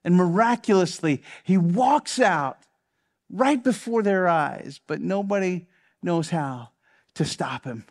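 High-voiced impassioned male preacher. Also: lively intonation, slow. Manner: impassioned, repeats phrases for emphasis, drops to a hush. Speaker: pastor. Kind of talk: sermon.

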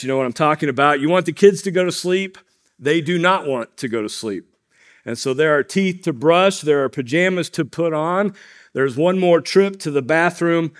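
Man, pastor, sermon, somewhat high voice, conversational storytelling. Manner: storytelling, conversational, addresses congregation.

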